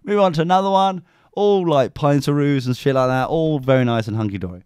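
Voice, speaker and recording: A young English man co-hosting a podcast, telling a sweary, animated story in a casual chat. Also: a little high, a little fast, clear, resonant tone, no room sound, studio quality. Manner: sweary, animated anecdote with mimicked voices. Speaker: podcast co-host.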